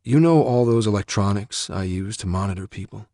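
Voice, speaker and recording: A man's voice: on the low side, fairly quick, mellow, dry recording, studio quality, voice pushed up, natural voice. A man voicing an anxious, protective father who pleads and defends himself. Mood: defensive.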